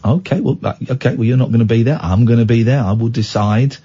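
A man's voice: mid-range voice, quick pace, dark tone, husky. A man hosting a late-night radio show with an English accent, bantering and teasing his co-host and callers. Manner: teasing, playful. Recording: dull radio broadcast sound.

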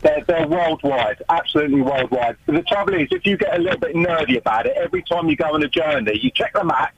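A man's voice: sits high, wildly swooping pitch, fast talker, creaky, a crowd in the background. A man calling into a radio show, eagerly describing his hobby. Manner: eager, enthusiastic. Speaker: caller, hobbyist. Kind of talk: enthusiastic phone-in call. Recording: muffled phone line.

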